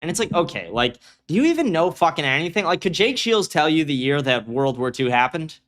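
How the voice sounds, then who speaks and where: A man's voice: on the high side, big pitch swings, brisk, a bit bright. A young man hosting a casual political commentary stream, blunt and profane, rambling with restarts and reading viewer chat aloud. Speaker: livestream host.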